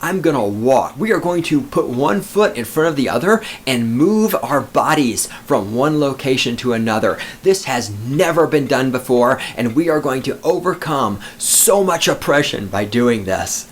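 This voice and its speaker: A man's voice: medium pitch, animated, normal speed, hardly any pauses, slight background noise. A man hosting a podcast, ranting alone in a sarcastic, profane, mocking way. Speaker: podcast host. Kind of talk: sarcastic solo podcast rant.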